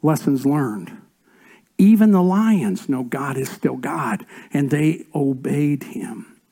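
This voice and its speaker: A pastor preaching a sermon, rising to loud emphatic lines and dropping to near-whispered asides. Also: male voice, medium pitch, expressive, slow, creaky. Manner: swings between raised emphatic lines and soft whispered asides.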